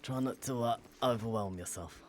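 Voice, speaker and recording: A man playing a detective in an online roleplay, laid-back, laughing often, with quiet whispered asides. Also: medium pitch, moderate pace, a little hiss or hum. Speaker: detective character in a roleplay, streamer. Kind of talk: in-character roleplay chat.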